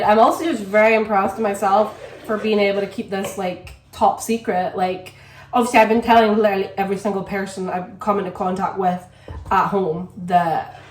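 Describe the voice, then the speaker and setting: Young woman, casual vlogger, rambling and chatty, mid pitch, roomy echoey kitchen sound. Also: fairly quick, a little hiss or hum. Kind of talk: casual vlog chat. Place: home kitchen. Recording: echoey room.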